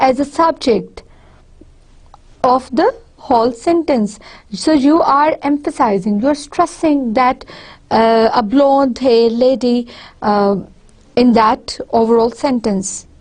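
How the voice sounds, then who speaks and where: A woman's voice: sits high, slow pace, darkish tone. A woman with a Pakistani accent giving a university lecture, explaining step by step with spoken examples and frequent restarts.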